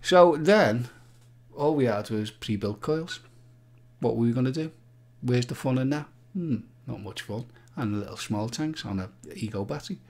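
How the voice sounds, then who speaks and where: A man's voice: mid-range voice, normal speed, dark tone. A man hosting a live-stream quiz, chatting playfully and joking with the viewers. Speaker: livestream quiz host.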